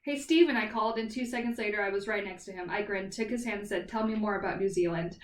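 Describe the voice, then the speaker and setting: A woman's voice: mid-range voice, steady tone, fast, a little hiss or hum. Chatty woman retelling a book, echoey. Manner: chatty retelling full of "like" and "kind of thing". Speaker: podcast co-host. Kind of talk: casual book review chat. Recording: echoey room, far from the mic.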